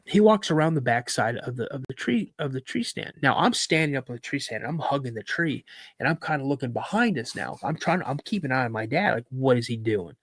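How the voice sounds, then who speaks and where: A man in mid pitch, telling a story as a podcast guest. He builds it up with lively repetition, and the sound is dry and close. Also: a little fast, no room sound. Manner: lively storyteller, repeats words for emphasis. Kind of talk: recounting a personal encounter story.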